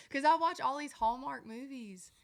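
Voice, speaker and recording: Young mississippi gal, real thick country accent, kinda gravelly, rambles and trails off a lot. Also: female voice, high-pitched, unhurried. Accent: Mississippi Southern. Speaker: guest country singer. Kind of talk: casual chat.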